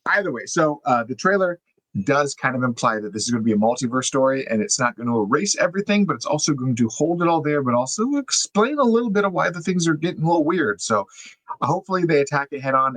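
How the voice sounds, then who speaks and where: A man's voice: medium pitch, a bit bright, dry recording, rough recording. A young man co-hosting a podcast, explaining things in a casual, chatty way with plenty of fillers. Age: young adult. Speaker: podcast co-host.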